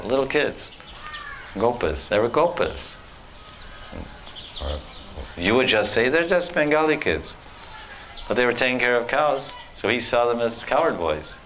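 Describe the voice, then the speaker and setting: Animated male storytelling preacher. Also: mid-range voice, slight background noise. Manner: animated, acts out characters, laughs often. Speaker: spiritual teacher. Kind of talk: storytelling sermon.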